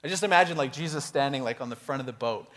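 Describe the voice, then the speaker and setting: A male pastor preaching an animated, conversational sermon to his congregation in a church hall. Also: mid-range voice, fast. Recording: echoey hall reverb.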